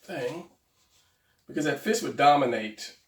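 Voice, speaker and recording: A man talking viewers through a drawing tutorial in a casual, rambling way, correcting himself out loud as he sketches. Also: on the high side, lively intonation, measured pace, recorded from a distance. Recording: roomy, off-mic sound.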